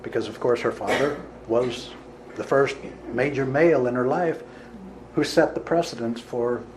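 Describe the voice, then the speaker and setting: A man's voice: medium pitch, moderate pace, noisy background. A man, a healer, telling a vivid case story to listeners in an earnest, emphatic way. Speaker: healer giving a talk. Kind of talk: storytelling talk to an audience.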